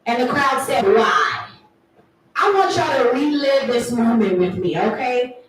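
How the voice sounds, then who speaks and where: A woman's voice: high-pitched, normal speed, noisy background. A woman in her thirties doing a playful stand-up comedy set with teasing crowd work at a live event. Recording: echoey room, from far off.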